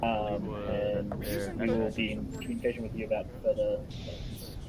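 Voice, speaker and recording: A man's voice: on the low side, monotone, moderate pace, rough recording. A man briefing teammates in game voice chat, with many ums and uhs. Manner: briefing teammates, hesitant fillers. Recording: crowd of players in chat.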